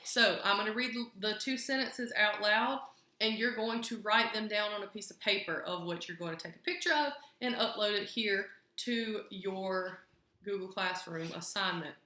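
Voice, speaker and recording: A young woman teaching a phonics lesson to small children, slowly sounding out each word. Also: mid-range voice, sharp tone. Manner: slow, clear sounding-out of words. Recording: very echoey room.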